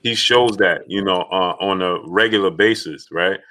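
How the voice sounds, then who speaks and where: Casual male host, low-pitched and bright, easygoing questions. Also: normal speed. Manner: laid-back, asks with many "right?" and "you know". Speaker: interview host. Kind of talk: casual interview talk.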